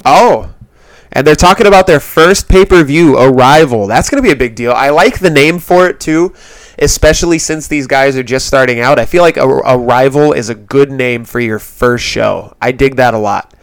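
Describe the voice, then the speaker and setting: A man's voice: mid-range voice, moderate pace, no room sound. A man hosting a podcast, chatting casually and a bit rambly as he reviews a wrestling show. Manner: rambling and self-interrupting, laughs easily, frank. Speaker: podcast host.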